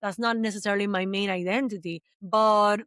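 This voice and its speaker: A woman from the Caribbean, a podcast guest, talking in quick, animated bursts full of fillers in casual chat. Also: mid-range voice, dry recording, studio quality.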